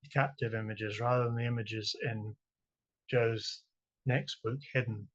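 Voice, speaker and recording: A Scottish poet with a husky, breathy voice, reading his work aloud. He stumbles and repeats himself while explaining each poem, then settles into a slow, chant-like reading of the verse. The recording sounds dull and lo-fi. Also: mid-range voice, fairly even intonation, a bit bright. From Scotland. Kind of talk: poetry reading with spoken introductions.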